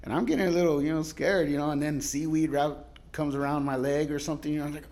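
A male guest pastor giving a sermon in a casual, storytelling way, laughing often and moving between loud cries and quiet asides. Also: fairly high pitch, steady tone, fast.

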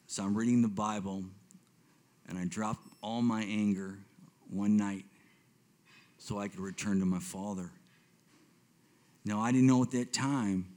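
A man in his fifties telling his personal faith testimony to a congregation, swinging between hushed reflection and excited retelling, often repeating himself. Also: lowish voice. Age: 50s. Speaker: speaker giving a testimony.

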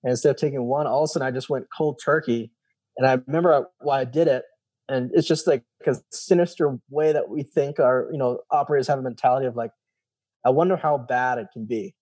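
This guest, a man in his thirties who once served in special operations, recounts his story in a relaxed interview, swearing freely and voicing the people he quotes. He talks fast in a steady, mid-range voice that is mellow, warm, and husky.

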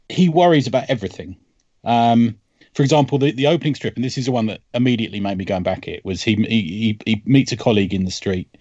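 A man talking comics on a podcast, retelling strips with bursts of laughter and put-on voices for the characters. His voice sits low and is recorded dry and a little dull. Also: no echo. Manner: animated storytelling, laughs often, acts out quoted lines. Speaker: podcast host. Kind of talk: casual comics chat.

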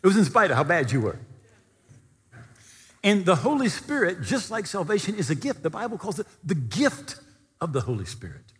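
A man preaching a storytelling sermon, animated and at times near-shouting. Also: high voice, moderate pace, in a large hall.

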